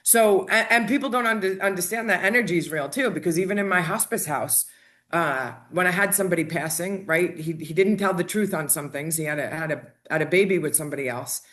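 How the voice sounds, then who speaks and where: A woman's voice: lowish voice, fairly quick, a bit bright. Brief: woman hospice nurse as guest, emphatic storyteller, keeps checking in with "right?". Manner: emphatic, tells stories, repeats "right?". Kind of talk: candid interview talk.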